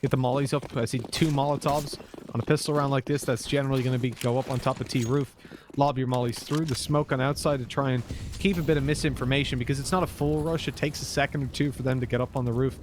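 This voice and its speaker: A man's voice: medium pitch, fast talker. Irish guy casting esports, bit of american in the accent, faint hiss. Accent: Irish, mixed with American. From Ireland. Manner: jokey banter, rising to excited play-by-play. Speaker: esports caster. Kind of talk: esports commentary.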